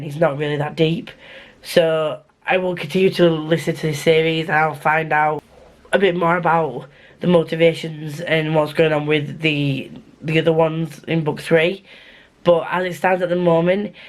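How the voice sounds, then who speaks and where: Chatty woman vlogging. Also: deep voice. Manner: chatty, rambling, self-deprecating. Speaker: book vlogger. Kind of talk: casual chat to camera. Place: her bedroom.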